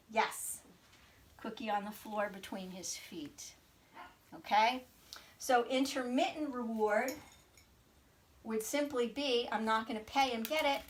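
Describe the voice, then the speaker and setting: A woman dog trainer demonstrating, mixing quick commands to her dog with upbeat explanation. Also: on the high side, slight background noise.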